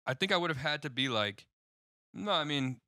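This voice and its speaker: Smooth, bright-voiced podcast host. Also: male voice, fairly high pitch, expressive, moderate pace, no room sound, clean studio sound. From Indiana. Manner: laid-back, jokey, lots of laughing and quoted voices. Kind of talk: casual chat.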